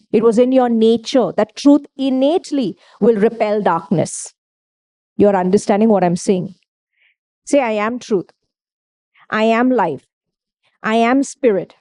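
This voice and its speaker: A woman's voice: on the high side, warm tone. A woman preaching a sermon, emphatic, asking her listeners questions and answering them herself.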